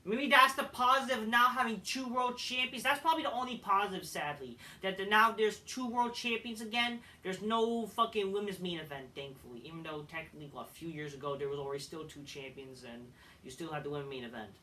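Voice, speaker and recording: A man delivers a blunt, profane wrestling review, stumbling into restarts as he rants. His voice is high and piercingly bright. It sounds set back from the microphone. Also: brisk, far from the mic. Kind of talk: ranting commentary.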